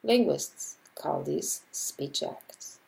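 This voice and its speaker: A female linguistics lecturer gives scripted educational narration in an unhurried, warm, dark voice with plenty of gravelly fry. Her lively intonation moves a great deal as she explains, voicing example sentences in a measured delivery. The recording quality is low.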